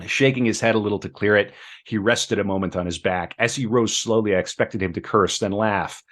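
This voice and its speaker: A man reading book passages aloud on a podcast, measured, with chatty asides between. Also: fairly low pitch, a bit bright.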